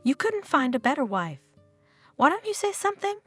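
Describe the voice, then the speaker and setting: A woman's voice: sits high, sing-song, normal speed, a bit bright, soft background music, pitched above the performer's own voice. Woman reading as a nagging older mother. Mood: insistent. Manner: insistent, nagging.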